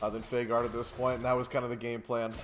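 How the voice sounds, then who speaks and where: A man's voice: mid-range voice, level tone. Guy doing esports play-by-play, jokey, mid voice, noisy background hiss. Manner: quick play-by-play, jokey banter. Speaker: esports caster. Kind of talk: play-by-play game commentary. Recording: clear background noise.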